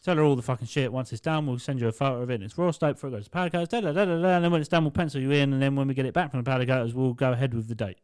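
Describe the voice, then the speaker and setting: A man's voice: medium pitch, racing, few pauses, clear, resonant tone, dry recording. A young man co-hosting a podcast, telling work stories with lots of swearing and mocking impressions of customers. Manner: sweary, animated, mimics customers. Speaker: podcast co-host. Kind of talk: casual storytelling chat. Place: small studio.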